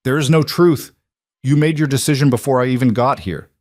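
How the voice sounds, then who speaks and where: A man's voice: medium pitch, fairly quick, a little mellow, no room sound, studio quality, pitched above the performer's own voice, lightly acted. A man voicing a beaten young man, a mobster's son, speaking strained and anguished.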